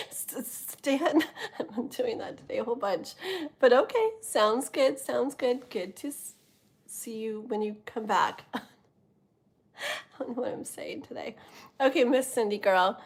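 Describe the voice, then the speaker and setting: A woman's voice: a little high, animated, unhurried, darkish tone, husky. A middle-aged woman hosting a live tarot stream, chatting casually with viewers in a rambling way with many fillers. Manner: chatty, rambling, lots of fillers, laughs often.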